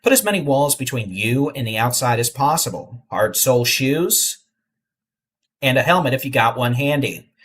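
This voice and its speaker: A middle-aged man, hosting live severe weather coverage in a relaxed, folksy way with urgent safety warnings. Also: mid-range voice, normal speed. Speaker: weather livestream host.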